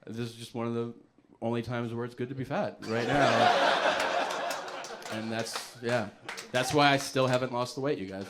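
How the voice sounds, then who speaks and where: A male comedian telling a long story, animated and quick to act out other people's lines. His voice sits at an ordinary middle pitch for a man. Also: very noisy.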